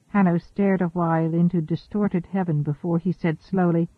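High-voiced man narrating on a tinny line. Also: little pitch movement, moderate pace, hardly any pauses, no echo. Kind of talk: scripted audiobook narration. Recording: thin phone-like dry audio.

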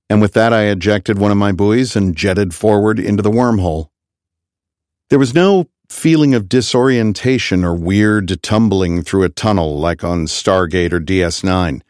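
Guy reading an audiobook, lowish voice, wry and even, dead dry sound. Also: normal speed, clear, resonant tone, no room sound. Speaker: audiobook narrator. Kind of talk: scripted first-person narration.

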